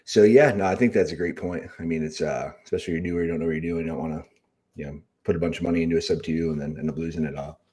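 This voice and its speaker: A man hosting a live stream, relaxed and agreeable, reading out viewer comments and chiming in. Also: a bass voice, racing. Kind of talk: casual live-stream interview.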